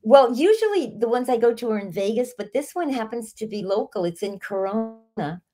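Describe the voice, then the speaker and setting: A woman's voice: a little high, expressive, normal speed, mellow, faint music behind. Woman, 80s, from the Bronx, upbeat, laughs a lot, interview guest. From the Bronx, New York. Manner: upbeat, laughs often, enthusiastic. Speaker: guest, author. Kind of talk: casual interview chat.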